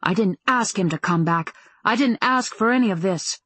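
A prickly, proud young woman from an audiobook, voiced by a woman reader with sharp, sarcastic defiance. The husky delivery sounds dry and close to the mic. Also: mid-range voice, moderate pace, no room sound. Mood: bitter.

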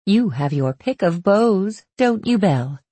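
A woman reading an audiobook voices a high-strung plantation mistress who talks quickly, high and insistently. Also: animated, mellow, slightly rough, dry recording.

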